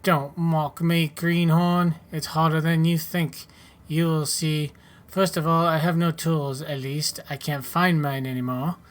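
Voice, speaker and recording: A man voicing a gruff, blunt frontier farmer who talks loud and folksy while teasing a newcomer in a video game. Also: on the high side, flat delivery, unhurried, close to an everyday voice.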